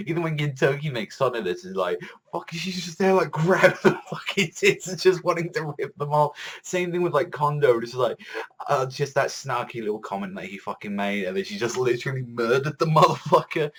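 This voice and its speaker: A man's voice: mid-range voice, brisk. A man casually reviewing an anime episode, swearing constantly and laughing a lot. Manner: profane, excitable, laughs often.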